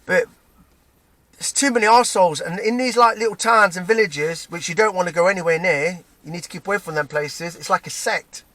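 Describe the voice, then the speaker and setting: A man's voice: high-pitched, a little fast, fairly bright tone, no room sound. Fired-up Nottingham man ranting. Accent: Nottingham English. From England, Nottingham. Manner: heated, swearing, keeps adding "right?", stumbling restarts. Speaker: vlogger. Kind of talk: angry personal rant to camera.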